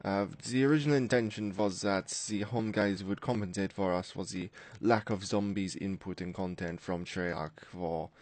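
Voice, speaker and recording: Male streamer doing a self-important mock-German braggart, half-Jamaican accent, low and slightly hushed. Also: steady tone, moderate pace, few pauses, no room sound. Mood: pompous. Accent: mock German, said to sound Jamaican. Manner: pompous, self-important lecturing. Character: pompous boastful man with mock German accent.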